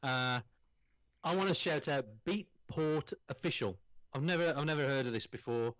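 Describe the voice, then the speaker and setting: A man's voice: on the high side, normal speed, fairly bright tone, dry recording, low-quality recording. A man co-hosting a gaming podcast, talking in a chatty, rambling way with many fillers. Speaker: podcast co-host. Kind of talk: casual podcast chat.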